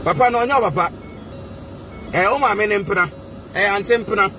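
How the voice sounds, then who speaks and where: A man's voice: high voice, normal speed, pushed and bright, faint music behind. A man with a Ghanaian accent delivering a heated, mocking rant to the camera, switching between languages. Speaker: social media personality.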